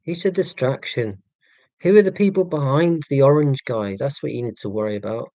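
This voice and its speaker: Casual live-stream host: man, flat monotone, deadpan self-mocking humour, dry close sound. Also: mid-range voice, fairly quick, no echo. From England. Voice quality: monotone delivery.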